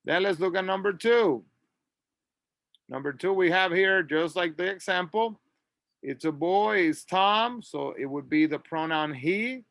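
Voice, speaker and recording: A man's voice: sits high, a little slow, creaky, a bit bright, no room sound, clean studio sound. A man teaching an English lesson, patiently drilling words and asking listeners to repeat after him.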